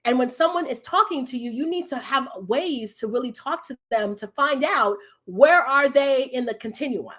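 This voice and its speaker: A woman's voice: high voice, normal speed, hardly any pauses. Chatty woman coach on a livestream. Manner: animated, chatty, laughs often, talks to viewers in the comments. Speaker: business coach hosting a live stream. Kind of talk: casual live-stream talk.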